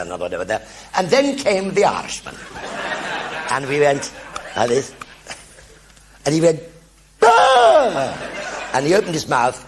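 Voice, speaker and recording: Gravelly older raconteur. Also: male voice, mid-range voice, a little hiss or hum. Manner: animated anecdotes with acted-out voices. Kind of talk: one-man show storytelling. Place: theatre stage with audience.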